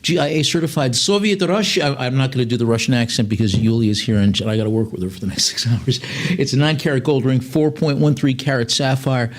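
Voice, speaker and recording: A male auctioneer with a voice pitched in the middle range for a man, calling bids at a live sale. He talks in a loose, chatty way, wandering off into side stories and filling gaps with "uh" and "um" before getting back to the bids. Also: fast. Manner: chatty, digressive, many fillers between bid calls.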